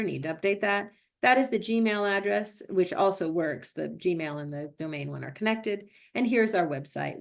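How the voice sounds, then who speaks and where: A woman with a gravelly, mid-pitched voice walks a meeting through a form step by step. She talks conversationally, dropping fillers and correcting herself as she goes, like a club president explaining the process to other clubs. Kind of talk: instructional walkthrough, screen-share presentation. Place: video call or recorded meeting.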